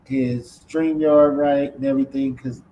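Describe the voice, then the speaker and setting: A man's voice: medium pitch, flat delivery, a little slow, dull audio, slight background noise. A man hosting a casual live-stream podcast in a laid-back way, often repeating his words. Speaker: podcast host.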